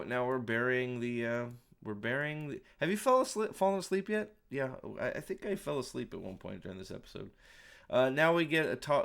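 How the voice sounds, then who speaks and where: A man's voice: medium pitch, gravelly, fairly bright tone, clear, resonant tone. A man giving casual, sarcastic commentary while watching a show, mocking scenes and swearing freely. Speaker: show reviewer. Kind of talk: casual commentary over playback.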